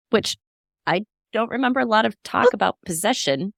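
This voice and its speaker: A woman co-hosting a casual podcast, recapping a TV episode in a relaxed, blunt way. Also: medium pitch, normal speed, creaky, no echo, clean studio sound. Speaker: podcast co-host.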